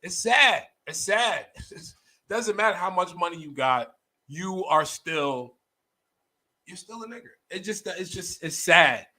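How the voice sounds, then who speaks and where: A man hosting a livestream, ranting bluntly about a news story with profanity and repeated phrases, swinging between low muttering and loud outbursts. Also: lively intonation, takes it slowly, poor audio. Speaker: livestream host. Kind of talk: opinionated commentary on a news story.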